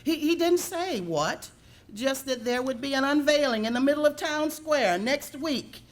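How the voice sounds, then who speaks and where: A woman voicing a crafty old male goose who puts on a broken French accent, fussy and flattering. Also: medium pitch, slow, pitched above the performer's own voice. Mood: flustered. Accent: broken French, put on.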